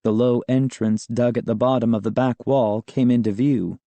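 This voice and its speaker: A man reading a children's storybook aloud as first-person narration, with calm, measured storytelling. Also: medium pitch, no room sound. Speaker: audiobook narrator.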